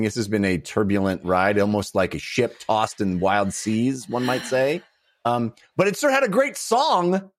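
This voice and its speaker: A man co-hosting a video game podcast in casual chat, talking in a halting, playful way. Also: mid-range voice. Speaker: podcast co-host.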